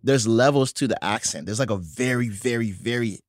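A man from Toronto with a Toronto accent, chatting casually on a podcast, animated and quick to laugh. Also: medium pitch, no room sound, clean studio sound. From Toronto, Canada. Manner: animated storyteller, laughs easily. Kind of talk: casual chat.

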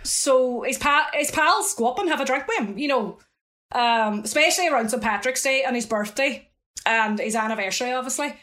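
A middle-aged woman with a Northern Irish accent and a somewhat high voice tells stories in a chatty, lively way. She keeps dropping in asides as she goes. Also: fairly quick. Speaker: interview guest. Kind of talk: casual storytelling.

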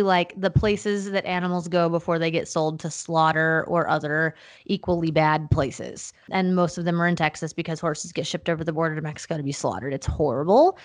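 A young woman co-hosting a podcast, chatting casually and laughing easily as she talks in quick bursts. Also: fairly low pitch. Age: young adult. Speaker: podcast co-host. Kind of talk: casual chat.

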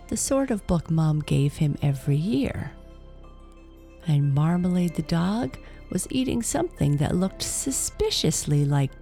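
A woman narrating a children's storybook in a slow, soft-spoken manner that sinks to whispers. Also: deep voice, vocal fry.

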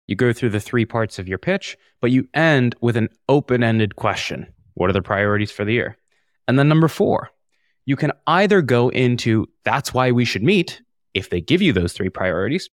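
Brisk male co-host, dry close sound. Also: medium pitch, no room sound. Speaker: podcast co-host. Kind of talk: recapping takeaways.

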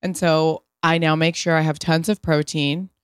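A woman's voice: low voice, level tone, normal speed, smooth, dry recording, studio quality. A woman in her thirties hosting a podcast, chatting enthusiastically and telling stories, and reading an ad. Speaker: podcast host. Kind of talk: casual chat and read ad.

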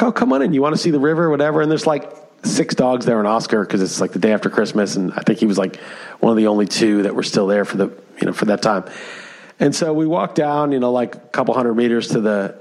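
Animated man telling a story. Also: fairly low pitch, fast talker. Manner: animated storytelling with many fillers. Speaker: podcast co-host. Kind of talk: casual chat.

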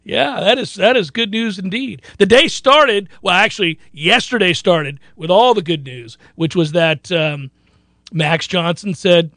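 A man's voice: high voice, a little slow, a bit bright, no room sound. A man hosting a sports talk radio show, boastful and joking, rambling between bets and news.

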